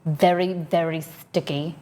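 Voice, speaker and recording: A woman's voice: sits low, steady tone, measured pace, warm tone. An Australian woman livestreaming from her home office, chatting casually and rambling as she reads out viewers' messages.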